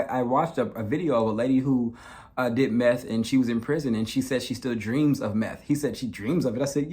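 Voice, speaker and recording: A man speaking in a middle register narrates a painful episode from his own life. He is earnest and personal, and often repeats words and restarts as the feelings catch up with him. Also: medium pitch. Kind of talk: personal true-crime storytelling.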